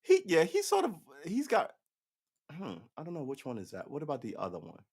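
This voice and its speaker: A fairly high, breathy-edged voice moves fairly quickly as this forty-something livestream host rants, rambling animatedly, cursing heavily, and restarting lines.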